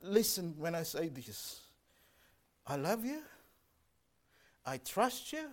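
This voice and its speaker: A male pastor preaches a sermon earnestly and emphatically, pausing over his scripture readings. His voice sits a little high, with pitch rising and falling a great deal. He takes an unhurried pace and is very animated.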